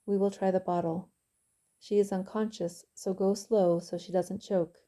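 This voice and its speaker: A woman as a calm, soothing heroine. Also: mid-range voice, unhurried, natural voice. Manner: soothing, soft-spoken.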